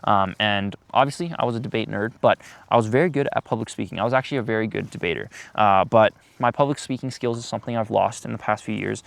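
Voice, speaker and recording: A man's voice: lowish voice, quick pace, creaky, hardly any pauses, no room sound. An eighteen-year-old man giving business tips in a casual vlog, talking loosely with frequent ums and uhs. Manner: loose, filler-heavy talk with many ums.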